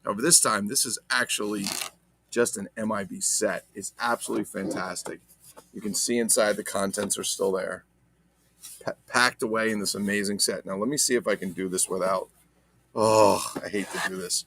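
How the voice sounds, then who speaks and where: A toy collector hosts a casual unboxing vlog, joking with viewers as he handles items and tossing in mock-dramatic asides. His voice is fairly low and fairly bright, steady in tone, at normal speed, with a little hiss or hum on the recording.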